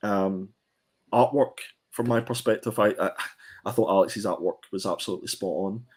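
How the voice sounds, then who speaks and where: A man with a slightly low voice talks through a comic review in a relaxed, casual way. He hesitates often, filling gaps with ums and restarting his sentences. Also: normal speed, slightly rough. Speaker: comic book podcast co-host.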